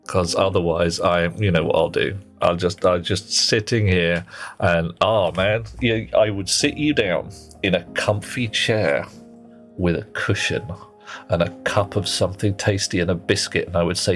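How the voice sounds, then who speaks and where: Guy on a game stream, lowish voice, joking around with chat and mumbling to himself. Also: measured pace, fairly bright tone, faint music behind. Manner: playful, teasing banter with viewers; talks to himself while working. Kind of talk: casual live-stream chat while playing.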